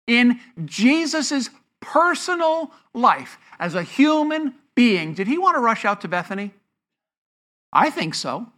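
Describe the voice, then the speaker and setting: A pastor preaching to a congregation with a bright, forceful voice. The delivery is built on rhetorical questions that the speaker answers, with key words drawn out for weight. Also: medium pitch. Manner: stretches out key words for emphasis. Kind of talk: sermon teaching. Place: church before a congregation.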